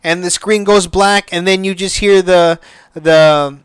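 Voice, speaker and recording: A man's voice: high voice, steady tone, measured pace, clear, resonant tone, no room sound. A man hosting a podcast, chatting casually and emotionally, swearing and restarting his sentences often. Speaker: podcast host. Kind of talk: casual solo chat.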